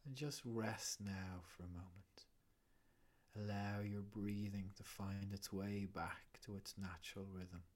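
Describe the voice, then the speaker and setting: Man, low, even voice, unhurried and soothing breathwork guide. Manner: slow, calm, soothing, often whispered.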